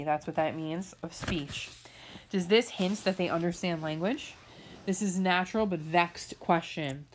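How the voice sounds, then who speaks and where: Lower-pitched lady teacher going over answers slowly, says okay a lot, remote class video. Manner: patient, explanatory, frequent fillers and checks like "okay?". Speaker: English teacher. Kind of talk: recorded remote lesson walkthrough.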